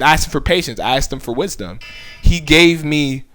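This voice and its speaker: This young man's voice is a little high and sharp, with lively intonation and a moderate pace. As a YouTuber recounting his faith testimony, he's sincere, heartfelt and conversational, using frequent fillers.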